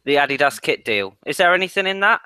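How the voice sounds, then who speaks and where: A man's voice: fairly high pitch, sing-song, quick pace, bright, forceful tone, clear, resonant tone, no echo. A man co-hosting a podcast, chatty and teasing as he hints at news. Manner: chatty, teasing, building up an announcement. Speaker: podcast co-host. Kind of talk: casual podcast chat.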